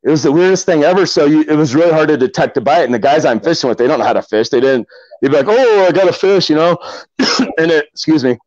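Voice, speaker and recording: A man's voice: fairly high pitch, fast talker, a little mellow, no echo, muffled recording. A middle-aged man from Omaha, a kayak angler, tells stories casually in a podcast interview, rambling with many fillers and restarts.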